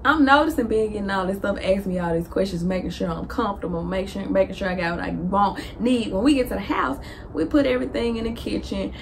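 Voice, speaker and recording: Young Southern woman vlogger, animated storyteller who jumps into high voices for dialogue, faint hiss behind her. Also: fast, vocal fry. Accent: Southern US (Memphis). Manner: lively, laughing, acts out dialogue with big pitch jumps.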